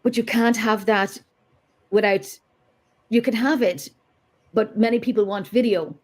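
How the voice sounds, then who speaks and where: A woman in the middle of her pitch range, recounting a ghost-hunting night as a podcast guest. Her telling is lively, and her voice climbs when she gets worked up. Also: measured pace. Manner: animated, rises in pitch when upset. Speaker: paranormal investigator guest. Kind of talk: storytelling in conversation.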